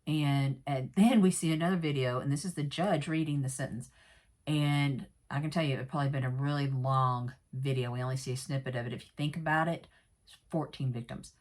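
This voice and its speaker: A woman with a low voice talks her viewers through a true crime episode in an easygoing way. She wanders off on asides and fillers and adds frank opinions as she goes. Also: fairly even intonation, a little fast, darkish tone. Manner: rambling, many fillers and asides; candid, personal commentary. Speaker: true crime recap vlogger. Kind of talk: casual episode recap.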